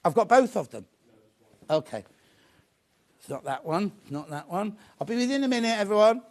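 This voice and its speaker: A man hosting a live shopping show, chatty and excitable, often repeating his phrases. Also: sits high, normal speed. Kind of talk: live sales presentation.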